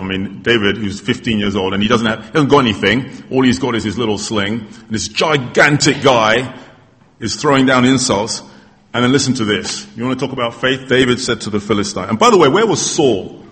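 A man preaching a sermon, telling a Bible story with animated, acted-out quotes. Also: fairly low pitch, fairly quick. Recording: hall reverb.

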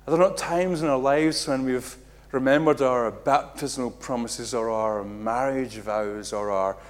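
A middle-aged man preaching a sermon, acting out quotes with big jumps in loudness and pitch. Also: unhurried. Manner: animated, acts out quotes with big swings in loudness.

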